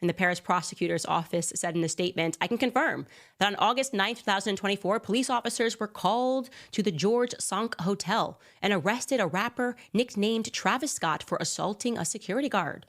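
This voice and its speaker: A woman's voice: mid-range voice, brisk. A woman hosting a sarcastic, mock-incredulous commentary monologue. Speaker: commentator host.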